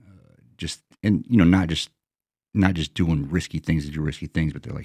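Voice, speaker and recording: A middle-aged American man, a former Green Beret appearing as a guest and retired sergeant major, tells a combat story bluntly and matter-of-factly, rambling with restarts. His voice is very deep and he speaks very fast. The sound is clean studio quality with no echo.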